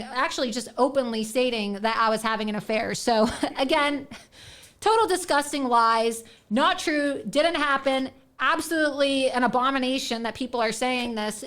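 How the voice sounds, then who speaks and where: A woman's voice: sits high, fairly bright tone. A young woman hosting her own political show, delivering a sarcastic, defiant, profane monologue to camera. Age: young adult. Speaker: host of an online political show.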